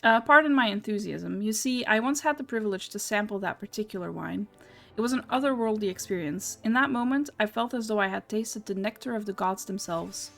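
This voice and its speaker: A woman reading a game townsperson's dialogue aloud in a measured, storytelling way. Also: mid-range voice, creaky, fairly bright tone, soft background music. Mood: wistful.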